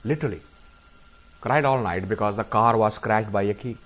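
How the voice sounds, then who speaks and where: A man's voice: fairly low pitch, normal speed, fairly bright tone. A middle-aged man giving a live spiritual discourse to a group, asking rhetorical questions and acting out little dialogues. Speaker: spiritual teacher.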